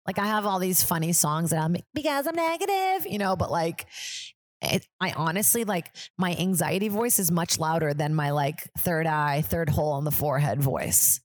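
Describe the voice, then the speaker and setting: A woman's voice: low voice, steady tone, normal speed, no room sound. A young woman comedian hosting her podcast, chatting in a rambling, self-deprecating way. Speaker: podcast host, stand-up comedian. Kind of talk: casual chat.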